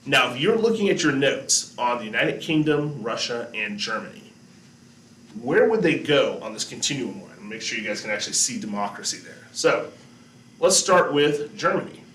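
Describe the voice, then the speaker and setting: A man teacher giving a relaxed classroom lesson, talking to his students, asking them questions and joking along the way. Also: medium pitch, normal speed, a little hiss or hum. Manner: chatty, asks students questions, jokes. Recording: echoey room, distant mic, faint background.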